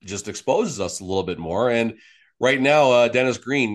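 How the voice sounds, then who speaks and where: A man's voice: on the low side, moderate pace. A man co-hosting a sports podcast, rambling and teasing his co-host while searching for words. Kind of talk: casual sports podcast chat.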